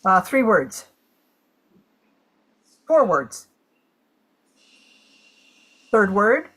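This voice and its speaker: A woman calls out guesses in a party game at an unhurried pace, stopping and starting between words and filling gaps with "uh". Her voice sits mid-range. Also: mid-range voice, big pitch swings, a bit bright. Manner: guesses aloud in halting bursts with many fillers. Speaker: game player.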